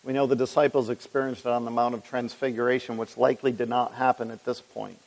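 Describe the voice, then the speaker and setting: A man's voice: medium pitch, little pitch movement, fast, gravelly. A man teaching through a Bible passage in a conversational way, reading scripture aloud and putting questions to his listeners. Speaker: preacher. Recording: long reverb of a large hall.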